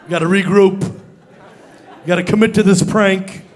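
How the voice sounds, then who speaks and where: A young man with a high voice tells a story on stage in a stand-up set. He delivers it in an animated way, acting out the voices of the people in it. He speaks into a stage microphone. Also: unhurried. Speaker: stand-up comedian. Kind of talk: stand-up comedy routine. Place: stage before a live audience.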